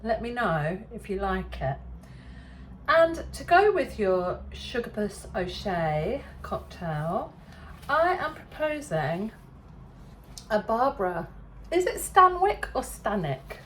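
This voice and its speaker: An English woman hosting a relaxed kitchen demonstration, chatty and self-deprecating, often laughing at herself. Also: medium pitch, slow, a little hiss or hum. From England. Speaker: cooking show host. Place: home kitchen.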